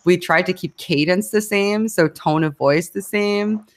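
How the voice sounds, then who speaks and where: A woman's voice: lowish voice, unhurried. A woman as an interview guest, talking casually in a rambling way with fillers, restarts and frequent laughs. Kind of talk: casual conversation.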